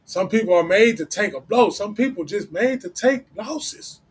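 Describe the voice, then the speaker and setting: Husky man giving blunt street-talk advice. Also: sits high, expressive, moderate pace, few pauses. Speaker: livestream host. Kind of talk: casual motivational talk.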